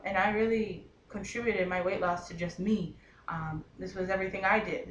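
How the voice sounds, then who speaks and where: Woman, twenties, mid-pitched, heartfelt halting testimony; roomy recording. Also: a bit bright. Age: 20s. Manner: earnest, halting with many ums and restarts. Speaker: testimonial speaker. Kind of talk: personal testimony. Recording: roomy with faint background hiss.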